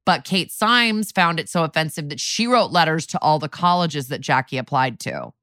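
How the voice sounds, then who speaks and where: A woman's voice: low-pitched, big pitch swings, moderate pace, fairly bright tone, no room sound, studio quality. A young woman co-hosting a podcast, recapping a TV episode in casual chat, laughing often and quoting characters in put-on voices.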